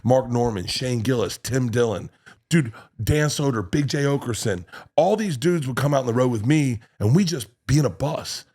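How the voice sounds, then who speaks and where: A male comedian guest telling a profane, animated story on a podcast. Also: mid-range voice, husky. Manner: animated, swearing, quick storytelling with restarts.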